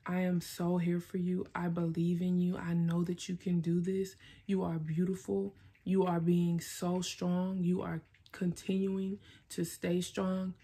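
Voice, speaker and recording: A woman's voice: on the low side, monotone, a little slow, few pauses, mellow, slightly rough. A woman vlogger giving herself a blunt, emphatic pep talk, swearing and repeating herself for emphasis. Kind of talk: self-directed pep talk.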